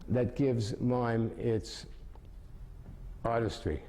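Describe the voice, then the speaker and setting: A man in his seventies explaining mime and telling jokes with lively storytelling, his voice rising high as the stories build. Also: extremely slow, a little hiss or hum. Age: 70s. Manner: animated storytelling with big pitch jumps.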